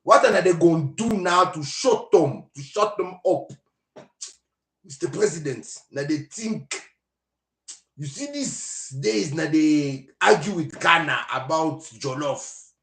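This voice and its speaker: A man voicing a scheming male Nigerian official advising his president, using a put-on Nigerian accent and a slow, drawn-out, conspiratorial delivery. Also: a little high, expressive, fairly bright tone, exaggerated voice. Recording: roomy echo.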